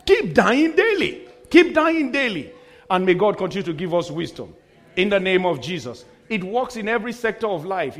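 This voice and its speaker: High-voiced emphatic male preacher. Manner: emphatic preacher with repeated refrains and humorous asides. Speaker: pastor. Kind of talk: sermon.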